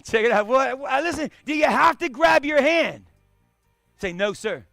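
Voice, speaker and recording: Gravelly man barking karate commands. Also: very high-pitched, animated, moderate pace, no echo, studio quality, soft background music. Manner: barks short commands and counts, shouting kiais. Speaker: karate instructor. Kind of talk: live martial arts class instruction. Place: karate studio.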